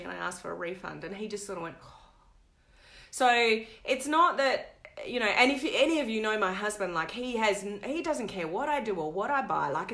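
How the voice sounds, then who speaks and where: A woman hosting a live stream talks casually into a webcam, chatty and animated. Her pitch sits in a middle range, and she moves easily between storytelling and reading viewer comments aloud. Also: reverberant. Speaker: host of a live video stream.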